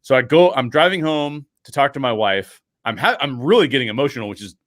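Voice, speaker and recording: An animated man tells a personal story as a podcast guest, with restless fillers and restarts. He jumps into other people's voices as he quotes them. His voice sits mid-range and sounds dry and close, with no room around it. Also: medium pitch, a little fast, dry recording. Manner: many fillers and restarts, frequent laughs. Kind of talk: casual interview storytelling.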